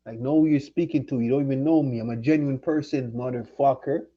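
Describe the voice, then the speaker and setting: A man's voice: medium pitch, fairly quick, highs cut off. A man from Jamaica ranting angrily and profanely at someone during his livestream. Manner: angry, profane, confrontational. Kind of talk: heated livestream rant.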